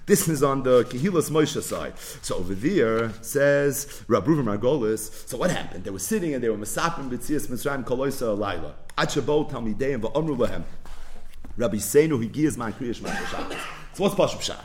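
Animated man teaching in an echoey room. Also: mid-range voice, moderate pace, a little hiss or hum. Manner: animated, questioning, mixing Hebrew and Yiddish terms. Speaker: Talmud teacher. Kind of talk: daily Talmud lesson.

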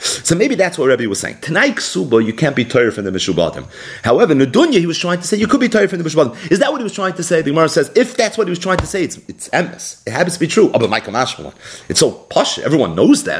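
A man teaching a Talmud class in an explanatory way, mixing English with Hebrew and Aramaic terms. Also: medium pitch. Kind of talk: daily Talmud page class.

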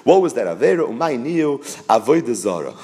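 Male Torah teacher, mid-pitched, expressive delivery, mixes English with Hebrew and Yiddish terms. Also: fairly quick. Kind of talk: Talmud lesson.

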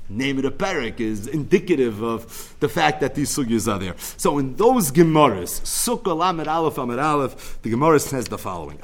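A man teaching a Talmud lecture, telling its story in an animated way. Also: medium pitch.

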